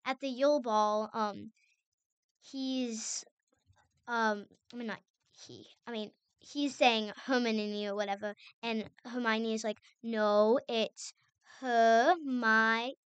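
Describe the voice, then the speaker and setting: A woman's voice: on the high side, fairly even intonation, slow, clear, resonant tone, no room sound, highs cut off. A young woman co-hosting a casual book podcast, rambling with many fillers. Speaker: podcast co-host. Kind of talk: casual chat about books.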